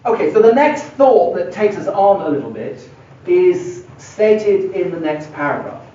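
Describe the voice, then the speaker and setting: He's a middle-aged man lecturing on philosophy at a university, his high, dark voice animated but a little slow as he thinks aloud and stresses key words at the board. A distant mic in the echoey lecture hall makes it sound dull and lo-fi.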